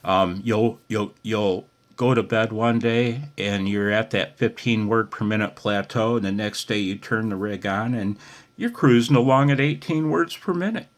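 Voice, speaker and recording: A man's voice: fairly low pitch, moderate pace. An older man giving a casual, chatty radio lesson, often calling the listener "man". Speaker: ham radio instructor.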